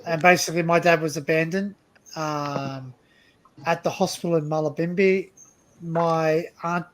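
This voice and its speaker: A man's voice: fairly high pitch, a little hiss or hum, low-quality recording. A man hosting a casual livestream chat, telling a family story in a rambling way with many restarts. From Australia. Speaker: livestream host.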